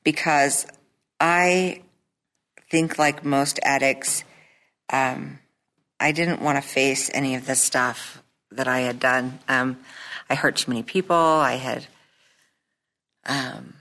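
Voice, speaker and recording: A middle-aged woman with a very deep voice gives a personal testimony at a support meeting. She speaks hesitantly, filling pauses with ums and restarting her sentences. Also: steady tone, fairly bright tone. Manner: hesitant, many fillers and restarts. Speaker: recovery meeting member sharing.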